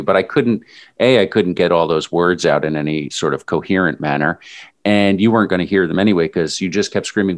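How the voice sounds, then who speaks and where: A man's voice: low voice, brisk. A man in casual conversation, animatedly recounting a long run with his friend. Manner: animated storyteller, mimics shouting.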